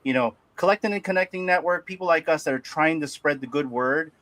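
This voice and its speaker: A man hosting a casual chat, easygoing and enthusiastic, quick to agree with his guest. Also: on the high side, fairly bright tone, dry recording. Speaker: host.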